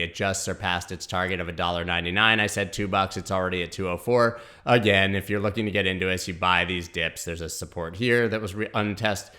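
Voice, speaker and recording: A man hosting a crypto news show, giving brisk, opinionated market commentary straight to his viewers. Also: sits low, bright, forceful tone.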